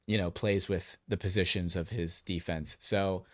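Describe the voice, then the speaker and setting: A man's voice: low voice, steady tone, moderate pace, dry recording, clean studio sound. A man co-hosting a casual sports podcast, talking energetically with lots of fillers. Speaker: podcast co-host.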